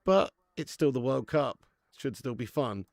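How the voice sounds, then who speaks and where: Male streamer, gravelly and dry-sounding; laddish live chat host who reads out viewers' names. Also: mid-range voice, expressive, unhurried, no echo. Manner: chatty and laddish, reading out viewer names, laughs often. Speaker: watch-along host.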